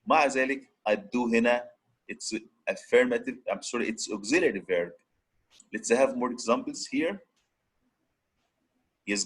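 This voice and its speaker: A man's voice: mid-range voice, slightly rough, low-quality recording. A man teaching an English grammar lesson, switching between Arabic and English and repeatedly prodding his students to answer.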